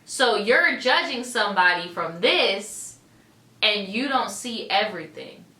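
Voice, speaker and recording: A woman's voice: medium pitch, animated, unhurried, bright, forceful tone. A young adult woman co-hosting a casual podcast, talking bluntly and swearing freely. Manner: blunt, profane, mimics people in a breathy sympathetic voice. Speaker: podcast co-host. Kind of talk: casual chat. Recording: echoey room, faint background noise.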